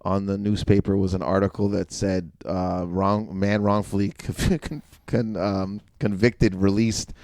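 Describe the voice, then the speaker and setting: A young man, a podcast guest, telling rambling stories in casual chat, laughing and acting out quotes loudly. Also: sits low, level tone, unhurried, hardly any pauses, dry recording, clean studio sound. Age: young adult.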